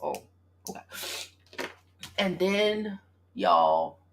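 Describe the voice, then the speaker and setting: A woman, telling a story on her live stream in a casual, animated, profane way and talking straight to her viewers. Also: fairly low pitch, drawn-out words, slight background noise. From Brooklyn, New York. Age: 40s. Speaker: gossip vlogger and love coach.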